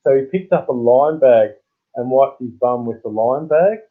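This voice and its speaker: An Australian man chats casually on a livestream, rambling through old stories and chuckling as he goes. His voice sits at an ordinary middle pitch. The sound is thin and tinny, like a phone line. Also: expressive, normal speed. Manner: rambling storyteller who chuckles often. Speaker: livestream host. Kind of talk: casual live-stream chat.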